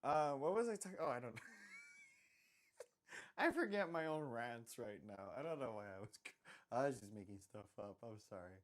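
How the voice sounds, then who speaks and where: A man's voice: medium pitch, animated, moderate pace, long pauses. A man chatting casually while drawing on a live stream, rambling and self-deprecating, often trailing off into mutters.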